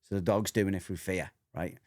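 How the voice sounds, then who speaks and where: A man co-hosting a casual podcast chat, explaining dog behaviour as an animated storyteller who acts out voices and swears freely. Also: sits low, normal speed.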